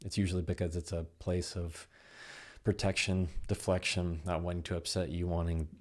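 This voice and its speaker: This podcast guest, a communication expert, has a low-sitting voice and talks at normal speed. He walks through handling difficult conversations conversationally, animatedly performing snippets of dialogue in quoted voices as examples.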